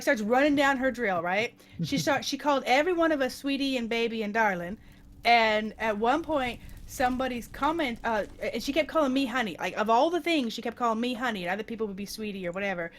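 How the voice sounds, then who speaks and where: A woman chatting casually with friends on a stream, telling a rambling, animated story with many restarts. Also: on the high side, fast talker, a little hiss or hum.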